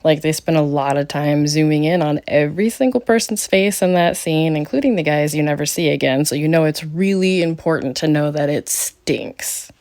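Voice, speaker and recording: A middle-aged woman hosting a podcast, recapping a bad movie with snarky, mocking commentary and sudden high jumps for the jokes. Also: moderate pace, few pauses, darkish tone. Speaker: podcast host.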